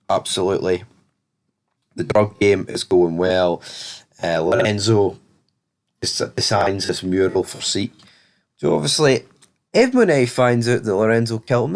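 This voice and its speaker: A man recapping a TV episode in a casual, opinionated way, with blunt, sarcastic asides. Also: medium pitch. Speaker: TV series reviewer.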